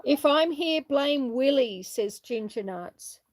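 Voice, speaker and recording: Strolling outdoors on her farm, a middle-aged homestead livestreamer reads chat messages and talks casually with viewers. Her voice sits high and expressive, her pace is slow, and she replies warmly with frequent laughter over slight background noise.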